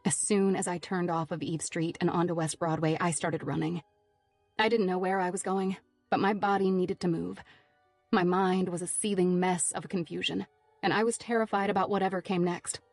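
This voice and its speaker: A woman's voice: fairly low pitch, fairly even intonation, normal speed, faint music behind. A woman narrating a thriller audiobook in the first person, tense and driven.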